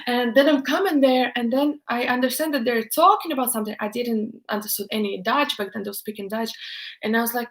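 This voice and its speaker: A woman's voice: on the high side, fast. A young woman from Ukraine hosting a live stream, telling a story in casual chat with lots of fillers. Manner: chatty storytelling, many fillers. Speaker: livestream host. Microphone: home livestream setup.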